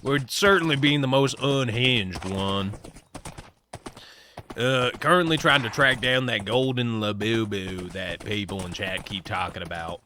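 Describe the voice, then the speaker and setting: A man's voice: lowish voice, a little slow, sharp tone, a little hiss or hum. A man livestreaming a game, chatting and joking with his viewers in a put-on cowboy drawl. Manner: joking, teasing the chat. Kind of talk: casual live-stream chat while gaming.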